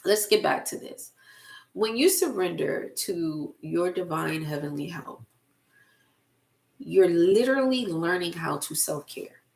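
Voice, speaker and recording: A middle-aged woman speaks as a spiritual life coach, unhurried and deliberate. Her voice carries a gravelly fry, and she leans on repeated phrases for emphasis. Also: lowish voice, lively intonation, a little mellow. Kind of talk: casual spiritual motivational talk to camera.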